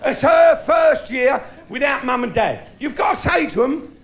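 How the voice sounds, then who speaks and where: A man's voice: very high-pitched, moderate pace, vocal fry. A middle-aged man doing a bawdy stand-up routine on a theatre stage, telling cheeky stories with punchlines. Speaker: stand-up comedian. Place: theatre stage before a live audience. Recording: noisy live recording with loud laughing crowd.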